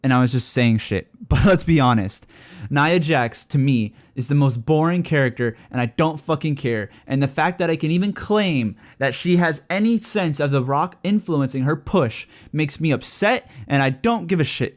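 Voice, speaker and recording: A young man giving casual, opinionated solo commentary, profane and ranting, growing excited as he talks. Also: medium pitch, normal speed. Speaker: wrestling podcaster.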